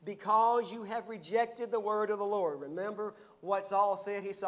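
A man's voice: sits high, moderate pace. A male pastor preaching a sermon, reading scripture aloud and explaining it in a conversational way.

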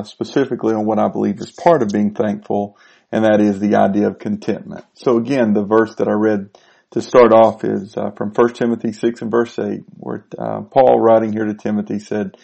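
A man preacher giving a short devotional talk, gentle and unhurried with frequent ums and uhs. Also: lowish voice, vocal fry.

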